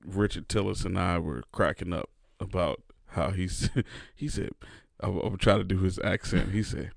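A man hosting a casual podcast, telling stories in an animated way and acting out what people said. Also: low-pitched, normal speed, vocal fry, dry recording, clean studio sound. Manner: animated storyteller, acts out quotes. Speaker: podcast host.

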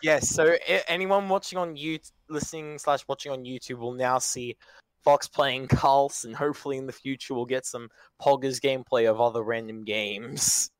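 A man's voice: medium pitch, steady tone, normal speed, no room sound. A young man hosting a chaotic casual podcast, stammering and laughing as he tries to steer the talk over a home computer mic. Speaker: podcast host.

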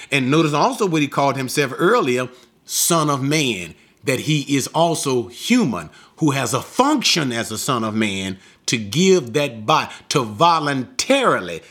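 A man's voice: medium pitch, a bit bright, husky. A man teaching through a Bible passage verse by verse. He talks emphatically, repeats key phrases and asks the audience rhetorical questions.

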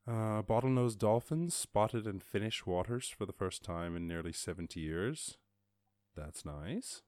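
A man's voice: fairly low pitch, unhurried, darkish tone, no room sound, clean studio sound. A man hosting a podcast, reading news headlines and riffing on them in a rambling, joking way, swearing now and then. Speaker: podcast host. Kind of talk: casual news commentary.

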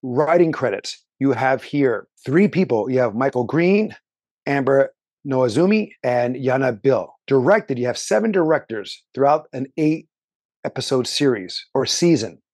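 A man's voice: mid-range voice, animated, measured pace, darkish tone, no room sound. An enthusiastic man co-hosts a casual review show and talks at length about cast and crew. His voice sits in a middle register. The sound is dry and close, with little room in it. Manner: lists credits, talkative, enthusiastic. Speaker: podcast co-host reviewing shows.

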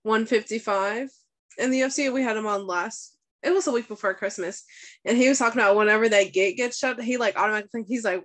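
A woman hosting a podcast, talking casually with a guest in a relaxed, chatty way full of "like" fillers. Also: fairly high pitch, fast. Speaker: podcast host. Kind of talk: casual interview chat.

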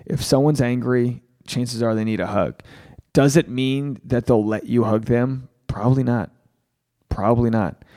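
A man's voice: medium pitch, measured pace, warm tone. A man hosting a podcast, talking candidly and animatedly, swearing freely and acting out quotes. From Rhode Island. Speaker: podcast host, standup comedian.

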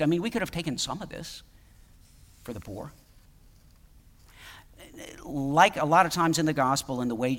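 A man's voice: medium pitch, fairly bright tone, big-room sound. A man preaching a sermon in a conversational, emphatic way, with many fillers and restarts. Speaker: pastor.

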